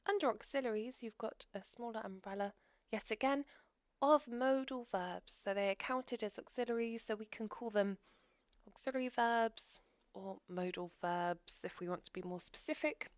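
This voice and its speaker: A woman teaching English grammar in a recorded lesson, explaining clearly and steadily with example sentences. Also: fairly high pitch, normal speed, dry recording, studio quality.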